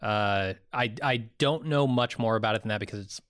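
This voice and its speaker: A man from the United States co-hosting a casual podcast, explaining ideas in a relaxed, thoughtful way. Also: fairly low pitch, fairly quick, smooth, no echo, studio quality. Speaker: podcast co-host.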